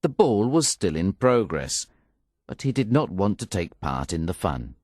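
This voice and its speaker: Slow, expressive male storyteller. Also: low voice, no echo, studio quality. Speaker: audiobook narrator. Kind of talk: scripted narration.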